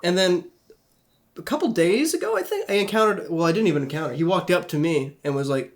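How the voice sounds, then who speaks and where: A man's voice: high voice, animated, fairly quick. A young man co-hosting a casual podcast, telling rambling, profane anecdotes. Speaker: podcast co-host. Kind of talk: casual chat.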